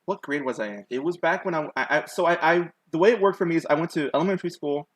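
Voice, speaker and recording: A man's voice: on the high side, fast talker, dry recording, low-quality recording. A young male streamer chatting while he sketches, on a dry, close mic. He tells stories in a loose, rambling way, packed with "like" fillers, and he pokes fun at himself as he goes. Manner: rambling, with many "like" fillers and self-mocking asides. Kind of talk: casual storytelling while drawing on a live stream.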